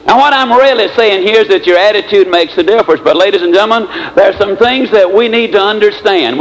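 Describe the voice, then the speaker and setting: Animated high-voiced male motivational speaker. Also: low-quality recording. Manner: animated storyteller, swings pitch dramatically. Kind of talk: motivational speech.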